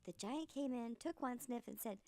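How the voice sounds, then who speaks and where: A woman reading a fairy tale aloud in an animated, theatrical storyteller style. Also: a little high, normal speed, creaky, no echo, clean studio sound.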